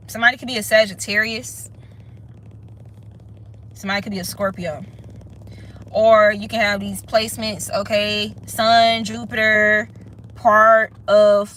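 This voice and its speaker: A woman's voice: medium pitch, a bit bright, a little hiss or hum, poor audio. A woman giving a casual spiritual reading in a blunt, profane, emphatic way, often checking in with "okay?". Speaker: tarot reader.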